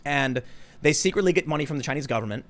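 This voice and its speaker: A man hosting a casual political podcast, talking fast and animated, sometimes mimicking voices for jokes, bothered by allergies. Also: fairly high pitch. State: suffering from allergies. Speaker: podcast host.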